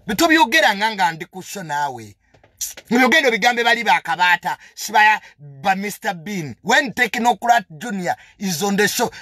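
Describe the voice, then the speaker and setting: Ugandan man, young, indignant and confrontational, high animated delivery. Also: no echo, studio quality. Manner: indignant, confrontational, emphatic repetitions. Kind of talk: heated monologue mixing English and Luganda.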